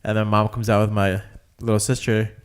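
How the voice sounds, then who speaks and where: A young man co-hosting a podcast, talking in a relaxed way packed with "like" and "um". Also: lowish voice, a little fast, clean tone. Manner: relaxed, filler-heavy talk with many "like"s. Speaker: podcast co-host. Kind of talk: casual chat.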